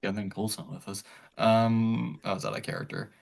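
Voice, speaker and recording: A man's voice: fairly low pitch, little pitch movement, brisk, vocal fry, rough recording. A man playing a tabletop game over a call, polite and curious, asking questions. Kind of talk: casual chat.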